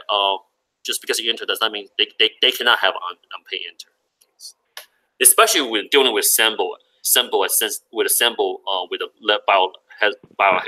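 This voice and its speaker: A man with a lowish, very bright and forceful voice explains his point in a casual discussion. He talks haltingly, often pausing on fillers while he searches for words. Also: poor audio.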